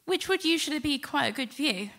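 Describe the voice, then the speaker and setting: A middle-aged woman telling a personal story to a live audience, animated and acting out the quotes. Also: high voice, brisk. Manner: lively, animated retelling with acted-out quotes. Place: stage before a live audience.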